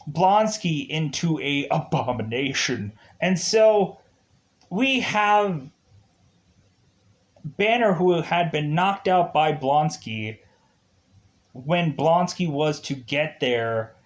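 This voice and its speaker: Animated man giving a slow movie recap. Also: a little high. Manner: animated, laughing, acting out quotes. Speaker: movie reviewer. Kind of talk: casual movie review.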